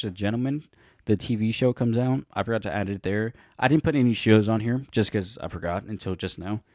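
A young man talks casually about upcoming films in a fairly low voice. He rambles, stops to fix his slips and loses names along the way. The sound is dry and close, with no room echo. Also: a little mellow. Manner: rambling, often corrects himself and loses names. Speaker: podcast co-host. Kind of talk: casual movie podcast chat.

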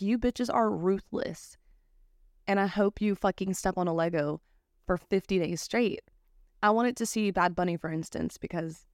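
Casual podcast host, young woman, low-pitched, profane rant, dry close mic. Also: no room sound. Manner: ranting, profane, lots of "like" fillers. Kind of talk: casual chat.

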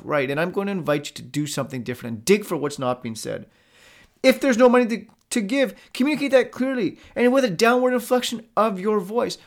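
A man's voice: high voice, expressive, moderate pace, fairly bright tone. A man hosting a podcast, giving blunt, profane, direct coaching advice in a monologue.

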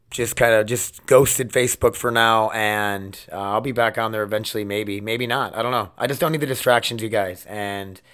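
A man's voice: lowish voice, fairly bright tone, smooth. Rambling man hosting a home podcast. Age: 30s. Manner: rambling, loose and swearing. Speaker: podcast host. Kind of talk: casual podcast chat. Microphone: desk mic.

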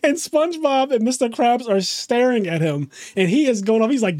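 A man chatting casually and excitedly, swearing freely and laughing often. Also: sits high, moderate pace, few pauses, no echo, studio quality. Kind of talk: casual podcast chat.

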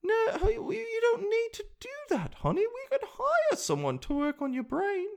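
Man doing a prim high-voiced old queen. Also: wildly swooping pitch, moderate pace, gravelly, exaggerated voice. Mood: dismissive. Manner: high falsetto, prim and patronizing. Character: prim elderly queen, doting grandmother, dismissive.

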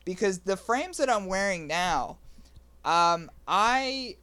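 A man hosting a casual podcast chat, rambling and halting with lots of fillers. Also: sits high, animated, pushed and bright, clear, resonant tone. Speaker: podcast host.

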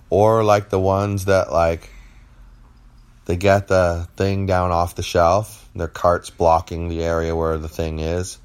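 Deep-voiced man ranting casually. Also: little pitch movement, clear, resonant tone. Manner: blunt, ranting complaints with drawn-out emphasis. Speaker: podcast co-host. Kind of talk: casual chat.

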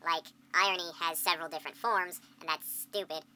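A woman co-hosting a podcast in casual chat, wry and blunt, quick to call things dumb. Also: on the low side, steady tone, pushed and bright. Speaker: podcast co-host.

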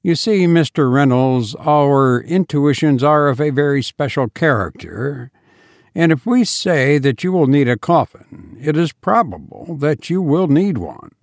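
A man's voice: a little high, animated, no room sound, clean studio sound. A man reading aloud, voicing a suave, polite, sinister undertaker in a storybook reading. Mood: suave, pleasant. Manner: suave, pleasant, measured.

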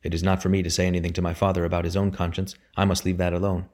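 A man's voice: low-pitched, little pitch movement, very fast, darkish tone, close to an everyday voice. A man voicing a dutiful young son who speaks formally and respectfully yet holds firm. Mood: earnest. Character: earnest dutiful young son, humble but steadfast.

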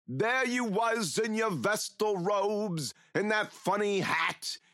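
An actor playing a rambling, mocking killer who taunts a captive priest in an audio drama. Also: male voice, high-pitched, takes it slowly, sharp tone, no room sound, studio quality, heavily acted. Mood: taunting.

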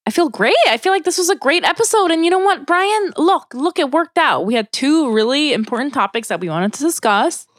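A woman's voice: high-pitched, a little fast, hardly any pauses, no echo, studio quality. A woman co-hosting a podcast in casual chat, telling stories expressively and mimicking people she talks about. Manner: expressive storyteller, mimics others in voices. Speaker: podcast co-host.

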